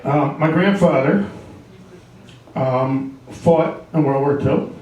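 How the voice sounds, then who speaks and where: A man doing a stand-up comedy set in a comedy club, delivering deadpan one-liners with pun punchlines. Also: on the high side, slow pace, far from the mic, muffled recording. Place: live comedy club with audience. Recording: echoey club room, mic heard from afar.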